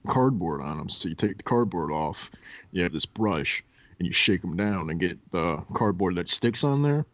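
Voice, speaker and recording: Guesting on a podcast, a young man with a low voice tells casual stories in a laid-back way, acting out his old coworkers and laughing as he goes. The recording is dry and muffled.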